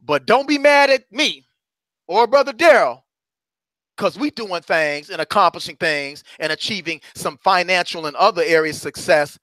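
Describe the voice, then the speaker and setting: A middle-aged man giving a fiery, preacher-style motivational talk as a courage coach. He swings from loud exhortation to hushed asides. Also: high voice, lively intonation, normal speed, no room sound.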